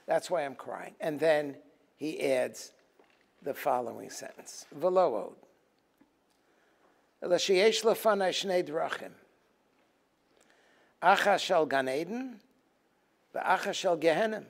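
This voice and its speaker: A rabbi lecturing on a Talmud passage in a fairly high voice. He quotes the Hebrew text, then explains it in English with lively, emphatic delivery. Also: slow pace, vocal fry, long pauses. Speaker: rabbi teaching a Tisha B'Av program.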